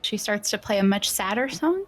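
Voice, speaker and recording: A woman player describing her character's actions in a tabletop game, calm and descriptive. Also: medium pitch, measured pace.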